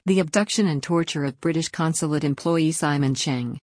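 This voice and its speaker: A woman narrating a scripted news report in an even, formal read-out manner. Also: deep voice, normal speed, dry recording, clean studio sound.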